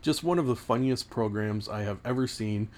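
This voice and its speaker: A man's voice: lowish voice, moderate pace, a little mellow. Rambling man in his late thirties. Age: late 30s. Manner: rambling, stumbling restarts, self-mocking asides. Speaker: podcast host. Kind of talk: casual solo podcast monologue.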